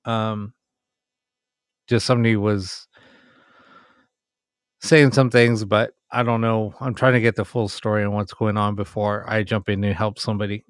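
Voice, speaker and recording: A man's voice: lowish voice, little pitch movement, normal speed, pauses often, smooth, dry recording, studio quality. A man hosting a late-night ghost box livestream, talking casually with many ums and sounding tired.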